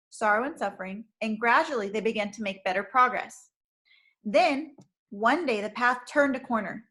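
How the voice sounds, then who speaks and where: A woman with a fairly high voice reads a children's chapter book aloud. She is clear and careful, pacing the story for young listeners like a teacher. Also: fairly bright tone, low-quality recording.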